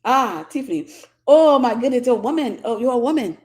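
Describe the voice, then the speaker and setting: A woman's voice: fairly high pitch, animated, brisk, a little mellow, lightly acted. A woman imitating her astonished husband from Cameroon, with a Cameroonian accent, marveling and stumbling over his words. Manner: repetitive, marveling, stammering. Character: man from Cameroon, amazed husband.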